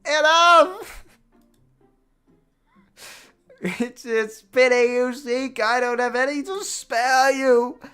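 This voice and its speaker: A man's voice: extremely high pitch, takes it slowly, long pauses, a bit bright, clear, resonant tone, soft background music, pitched above the performer's own voice, heavily acted. A man voicing a theatrical young heroine from a dating game, delivering grand mock-villainous lines. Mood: imperious.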